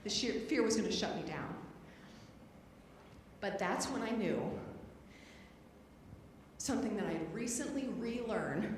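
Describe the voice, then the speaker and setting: A woman spiritual director, giving a humorous sermon and acting out her own scared voice and loud outbursts. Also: medium pitch, lively intonation, a little slow, long pauses, slight background noise. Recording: roomy hall, voice from a distance.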